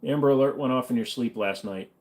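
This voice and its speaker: A man's voice: medium pitch, quick pace, darkish tone. Joking, profane man hosting a livestream. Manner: joking, profane, answers chat questions. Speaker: livestream host reading viewer questions. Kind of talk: casual livestream Q&A.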